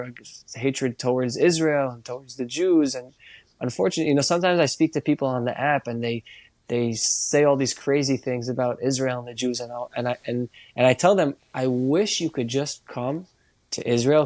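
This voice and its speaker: A man's voice: medium pitch, no echo. Young man, from the United States, interview guest, casual storytelling, dry sound. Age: young adult. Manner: animated anecdotes, many fillers and restarts.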